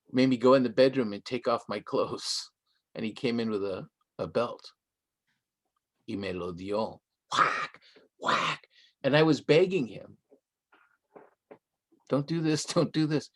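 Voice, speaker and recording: An older man from Southern California talks as the guest in a live online interview, spinning a story at an easy conversational pace. His voice sits at an ordinary middle pitch, and he drops Spanish phrases into his English as he goes. Short laughs come up between his lines. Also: expressive, unhurried, long pauses, fairly bright tone. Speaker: guest author.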